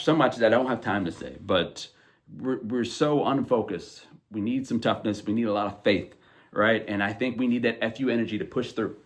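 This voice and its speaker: A man hosting a podcast, talking about faith in an emphatic, conversational way, with many fillers and asides. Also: mid-range voice. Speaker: podcast host. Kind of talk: casual faith commentary.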